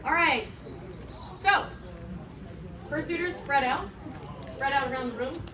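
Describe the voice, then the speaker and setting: A woman with a very high voice leads a live convention panel, calling out improv prompts with lots of energy. She is picked up from a distance in a big indoor room, with crowd chatter and steady noise all around her. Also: measured pace. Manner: energetic, shouting cues at performers. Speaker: panel host. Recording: far from the mic in a crowded, noisy hall.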